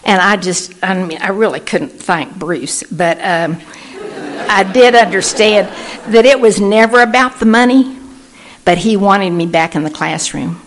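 A woman's voice: mid-range voice, a little slow. A woman, speaking at a recovery meeting and telling her personal story in an earnest way, acting out the voices of people she quotes. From Texas. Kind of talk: personal testimony talk.

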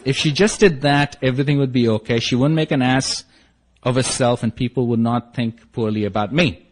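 A man's voice: mid-range voice, steady tone, normal speed. Wry self-mocking male storyteller. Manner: acts out quoted dialogue. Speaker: speaker sharing his story at a support meeting. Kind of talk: personal storytelling to a group.

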